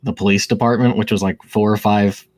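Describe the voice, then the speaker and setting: A lower-voiced man co-hosting a podcast in easy, casual chat. He jokes through a family story and laughs as he goes. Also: steady tone, fairly quick, no room sound. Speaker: podcast co-host.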